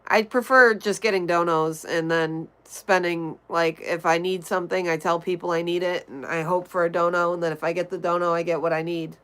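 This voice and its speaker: A woman's voice: lowish voice, steady tone, brisk, few pauses, fairly bright tone, clean tone, rough recording. A young woman from Connecticut hosting a casual livestream, chatting and greeting viewers by name as she reads the chat. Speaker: livestream host.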